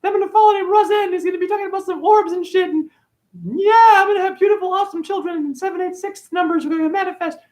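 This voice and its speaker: A chirpy unborn baby chatters away in a giddy, rambling stream of baby talk. way up high in a thin, squeaky register. It sounds breathless with excitement. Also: male voice, fast talker. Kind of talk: mocking impression within a spiritual monologue.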